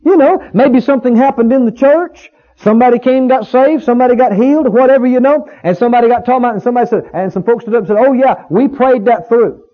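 A man's voice: extremely high pitch, very fast, hardly any pauses, phone-quality sound. A man preaching a sermon in a church, emphatic, repeating key words and rising on exclamations. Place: church sanctuary.

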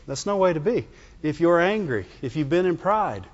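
Male preacher, high voice, chatty sermon style, dull recording, long church reverb. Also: a little fast. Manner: conversational, asks the congregation questions, animated pitch jumps.

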